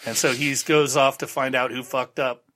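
A man's voice: medium pitch, little pitch movement, normal speed, a bit bright. A male podcast host giving a rambling, sarcastic, casual recap of a TV show.

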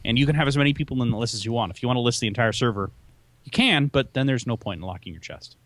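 Male co-host, mid pitch, hesitant how-to delivery, dry sound. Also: very fast, no echo. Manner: hesitant, lots of um and uh, restarts. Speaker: show co-host. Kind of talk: casual chat, explaining game commands.

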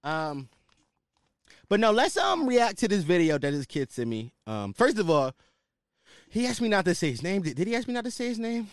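Sitting high and sing-song at a normal speed, this man's voice comes through a dry, clean studio recording. On his own podcast he rants in a relaxed, slangy, casual way.

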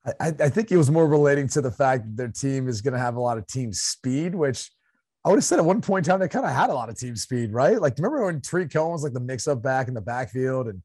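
A man's voice: mid-range voice, animated, fast, darkish tone, no room sound, clean studio sound. A man from Ohio co-hosting a sports talk podcast in a chatty way, with fillers. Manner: chatty, with frequent fillers and laughs. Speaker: podcast co-host.

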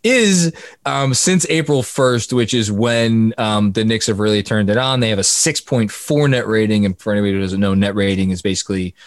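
A man's voice: on the low side, moderate pace, no room sound, clean studio sound. A man co-hosting a casual sports podcast, reeling off statistics and laughing at his own numbers. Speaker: podcast co-host.

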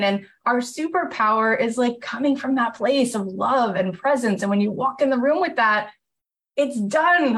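A woman host telling a personal story in a casual, animated way, acting out the voices of people she quotes. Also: a little high, moderate pace.

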